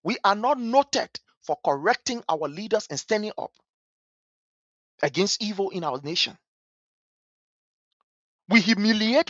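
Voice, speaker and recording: A man's voice: sits high, lively intonation, measured pace, pauses often, fairly bright tone, dry recording, highs cut off. A man with a Liberian English accent giving impassioned, scornful political commentary, repeating his points with fire. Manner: fiery, scornful, repetitive.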